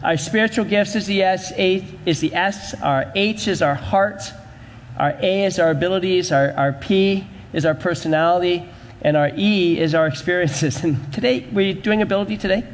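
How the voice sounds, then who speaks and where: Male pastor, high voice, rhythmic preaching, church hall reverb, faint hiss. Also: moderate pace. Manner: rhythmic, repetitive emphatic preaching. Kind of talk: sermon.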